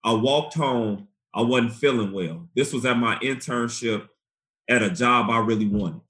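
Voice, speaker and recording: A man in his forties from Chicago, a guest activist telling his story in an animated, profane, slangy way. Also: mid-range voice, a little slow. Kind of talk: candid storytelling interview.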